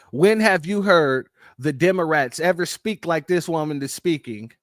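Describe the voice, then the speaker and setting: A man's voice: fairly high pitch, fairly bright tone, no echo, clean studio sound. A man hosting a casual political commentary show, emphatic and talking straight to his viewers as family.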